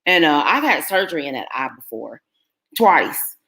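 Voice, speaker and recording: A woman's voice: low-pitched, sing-song, normal speed, bright, forceful tone. A middle-aged woman, telling a personal story to her viewers in an earnest, emotional way. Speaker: vlogger.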